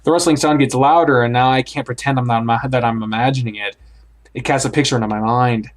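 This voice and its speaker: A man's voice: medium pitch, steady tone, fast. A man reading a horror visual novel aloud in the first person, acting it out and blurting out startled reactions. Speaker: let's play host.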